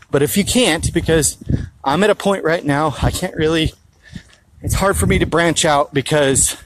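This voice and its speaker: A man with a somewhat high voice rambles and swears as he tells a story for his health vlog, speaking casually into a phone held low. There's slight background noise, and the audio quality is poor.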